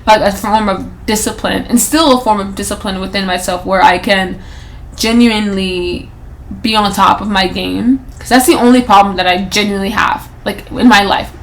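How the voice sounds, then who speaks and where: A woman's voice: mid-range voice, steady tone, moderate pace, slight background noise, low-quality recording. A woman in her twenties hosting a solo podcast, talking casually and rambling, often restarting and correcting herself with plenty of "like" and "you know". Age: 20s. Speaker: podcast host.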